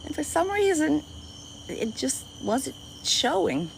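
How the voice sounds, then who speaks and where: A woman with a Cajun accent and a squeaky voice, chatting casually with viewers on a livestream from an outdoor dock at night. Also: big pitch swings, slow pace, creaky, fairly bright tone, slight background noise, low-quality recording. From Louisiana. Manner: chatty, greets viewers by name, easily delighted. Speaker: livestream host. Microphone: phone livestream.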